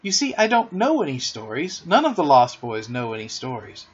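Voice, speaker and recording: A man's voice: medium pitch, wildly swooping pitch, normal speed, breathy edge. A man voicing a boastful, cunning young boy in a storybook reading, with a coaxing, sly manner in a dull lo-fi recording.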